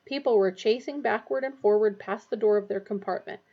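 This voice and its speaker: A woman reading a storybook aloud in a steady, expressive way. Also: mid-range voice, fairly quick, muffled recording. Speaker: audiobook reader. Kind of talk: storybook narration.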